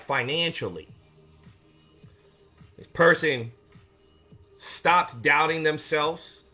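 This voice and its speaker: Bright, upbeat man rambling on a live stream. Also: a little high. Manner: warm and encouraging toward viewers. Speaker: coach and host of a weekly live show for veterans. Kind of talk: casual motivational live-stream talk.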